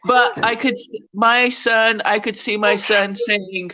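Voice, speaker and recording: A woman's voice: fairly high pitch, extremely slow, pauses often, sharp tone. A woman speaking as a guest on a video call, laughing between words. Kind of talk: casual livestream chat. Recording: dull lo-fi call audio.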